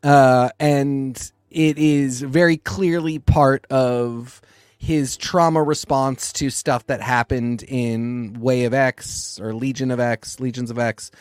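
A man's voice: mid-range voice, steady tone, slow, darkish tone, smooth, dry recording. A man co-hosting a comics podcast, talking casually and rambling, often restarting his sentences. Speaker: podcast co-host. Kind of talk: casual chat about comics.

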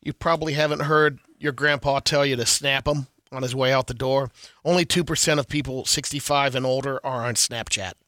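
A man's voice: mid-range voice, fairly even intonation, brisk, fairly bright tone, no room sound, clean studio sound. A man co-hosting a morning radio show, reading trivia in a matter-of-fact way. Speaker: radio co-host presenting trivia segments. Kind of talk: casual morning radio banter. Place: radio studio.

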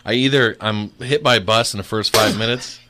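A man co-hosting a casual podcast chat, an animated storyteller who laughs often. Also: lowish voice, fairly quick, noisy background. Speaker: podcast co-host.

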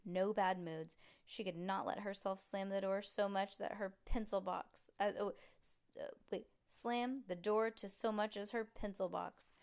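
A woman's voice: medium pitch, measured pace, smooth. Woman reading a children's book aloud. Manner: relaxed, chatty asides between reading. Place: room at home.

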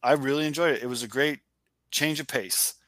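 A man's voice: mid-range voice, a little fast, fairly bright tone, dry recording. A man co-hosting a sports podcast, telling stories animatedly and swearing casually. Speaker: podcast co-host.

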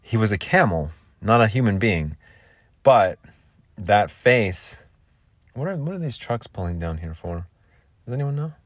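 A man rambles through a solo podcast in a goofy, jokey way. His voice sits on the low side, and the sound is dry and close, as if from a makeshift home vocal booth. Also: expressive, measured pace, pauses often, no echo. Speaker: podcast host.

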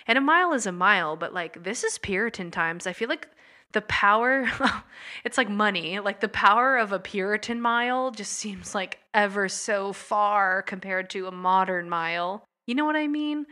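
A woman's voice: medium pitch, pushed and bright. A young woman hosting a casual storytelling podcast, chatty and giggly with lots of fillers. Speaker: podcast host.

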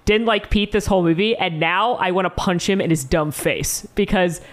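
A woman's voice: lowish voice, moderate pace. A young woman co-hosts a casual movie podcast. She retells scenes with energy, swears without a second thought and slips into the characters' voices as she quotes them. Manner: animated, swears freely, acts out quotes. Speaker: podcast co-host. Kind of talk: casual movie recap chat.

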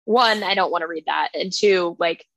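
A young woman co-hosting a casual book podcast, retelling scenes in an animated, gushing way with lots of fillers. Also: lowish voice, normal speed, creaky, no room sound. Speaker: podcast co-host.

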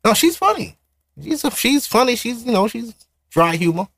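A man's voice: very high voice, very animated, moderate pace, a bit bright. A man co-hosting a podcast, chatting casually and ranting bluntly with plenty of profanity. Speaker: podcast co-host. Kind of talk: casual chat.

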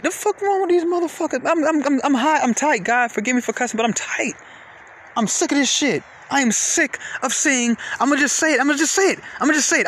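A man hosting a podcast, ranting casually in a profane, repetitive way, with sudden jumps in pitch. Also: bright, forceful tone. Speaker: podcast host. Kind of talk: casual rant.

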